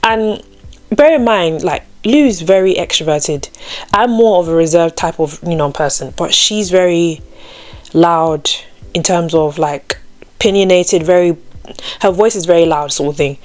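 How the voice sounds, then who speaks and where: A woman's voice: lowish voice, unhurried, a little mellow. A young adult woman telling a personal faith story in a casual, chatty way, full of "like" and "you know", raising her voice when she acts out what others said. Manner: acts out quoted people with a raised voice. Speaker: Christian storytime vlogger.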